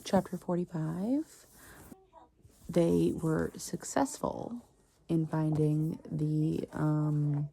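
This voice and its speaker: A woman's voice: deep voice, gravelly, warm tone. A young woman vlogging as she reads, reacting emotionally and often dropping into a whisper while she retells the plot loosely. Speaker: book vlogger. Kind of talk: casual reading-vlog commentary.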